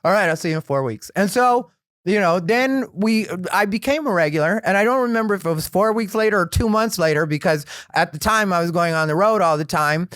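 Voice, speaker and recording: Smooth-voiced male comedian telling stories. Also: high-pitched, a little fast, no echo, clean studio sound. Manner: rambling, frank, gets animated retelling stories. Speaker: comedian and podcast host. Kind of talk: candid solo podcast storytelling.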